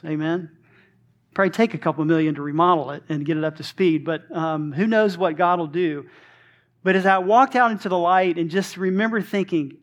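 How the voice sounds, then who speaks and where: High-voiced pastor in his forties. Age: 40s. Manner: animated, acts out dialogue, frequent restarts. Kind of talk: sermon storytelling.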